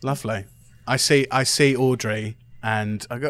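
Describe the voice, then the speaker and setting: A man's voice: mid-range voice, steady tone, moderate pace, fairly bright tone, no room sound. A man playing a tabletop game, chatting easily and slipping into his character. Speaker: player. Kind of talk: casual play, partly in character.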